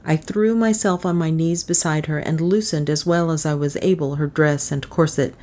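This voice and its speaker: This is a low-pitched woman narrating an audiobook of a classic novel. She tells the story in a steady, measured way.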